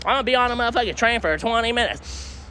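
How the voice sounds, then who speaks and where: A young man with a high, bright voice rambles in slang as he walks city streets, streaming from the phone in his hand. He swears a lot and keeps falling back on the same fillers. Faint traffic and street sounds run behind him. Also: expressive, rapid-fire. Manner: rambling slangy talk, heavy swearing, frequent "I don't know, homie". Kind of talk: casual live-stream vlog. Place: outdoors on city streets and a train station. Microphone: phone held while walking. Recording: faint street noise from outside.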